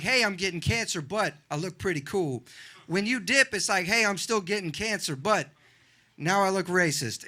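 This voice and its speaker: Bright, high-voiced young comedian man. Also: a little hiss or hum. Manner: animated, acts out other people in loud voices. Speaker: stand-up comedian. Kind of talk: stand-up comedy set. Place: comedy club with a live audience.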